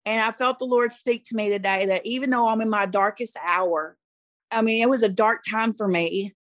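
A middle-aged woman tells her own story in an earnest, emotional way, often saying things twice for weight. Her voice sits a little high, and the recording is close and dry with no room sound. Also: steady tone, moderate pace, no echo. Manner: earnest, emotional, repeats phrases for emphasis. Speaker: guest, youth pastor. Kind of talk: personal testimony in conversation.

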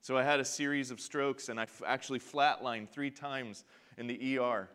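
A young man preaching a sermon to a congregation, passionate, going from quiet and low to loud and high when he acts out prayers. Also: fairly even intonation, moderate pace, clean tone. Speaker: pastor. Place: church before a congregation.

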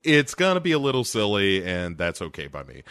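A man's voice: on the low side, fairly quick, smooth, no echo, studio quality. A man co-hosting a casual podcast chat, recapping an episode and acting out scenes in little voices. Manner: animated, acts out scenes in voices. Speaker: podcast co-host.

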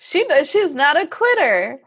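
A woman hosting a casual chat, reacting with quick supportive interjections. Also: high-pitched, sing-song, fairly bright tone, muffled recording.

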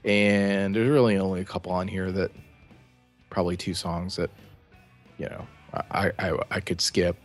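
A man co-hosting a music podcast, speaking casually in halting bursts with many fillers and restarts. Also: low voice, level tone. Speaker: podcast co-host. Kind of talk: casual album review chat.

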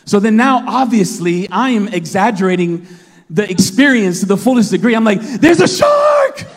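A man in his thirties preaching a sermon, telling a story with lots of laughter and acted-out shouts. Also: high voice, moderate pace, long reverb tail. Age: 30s. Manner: animated storytelling, laughing often, acting out his own shouts. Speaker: pastor.

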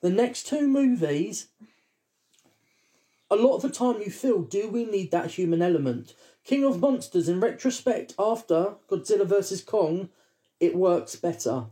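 A man from the UK co-hosting a casual chat, telling animated stories with plenty of swearing. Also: sits high, measured pace. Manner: animated, profane storytelling. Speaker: podcast co-host.

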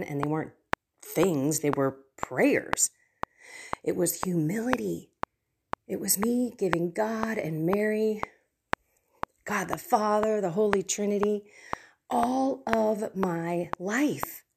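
A middle-aged woman hosting a faith podcast, talking earnestly about her prayer life with personal stories and soft asides. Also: mid-range voice, vocal fry, background noise. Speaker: Catholic podcast host. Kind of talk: reflective faith talk.

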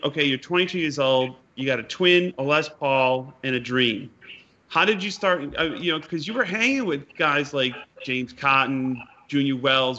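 Bright-voiced man chatting about blues. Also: on the high side. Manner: chatty, uses musician slang. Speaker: interviewer and blues musician. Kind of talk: casual conversational interview. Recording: dull lo-fi sound with faint noise.

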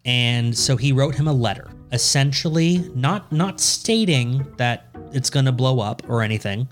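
A man at an ordinary mid pitch tells a history story in a loose, chatty way, swearing and laughing as he goes. Faint music sits softly in the background. He sounds like a podcast co-host talking with a friend. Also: lively intonation, normal speed. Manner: casual, profane, laughs often. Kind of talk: casual storytelling chat.

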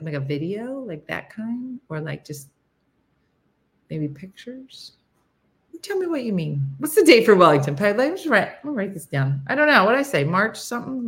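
A woman's voice: medium pitch, a bit bright. A woman hosting a casual morning live stream, chatty and rambling, laughing often and reading viewer comments aloud.

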